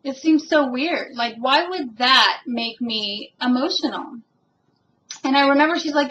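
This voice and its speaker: A woman's voice: sits high, a little slow, a bit bright, muffled recording, slight background noise. A woman giving a casual personal monologue as a spiritual vlogger, earnest and rambling and emotionally moved. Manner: earnest and rambling, with many fillers.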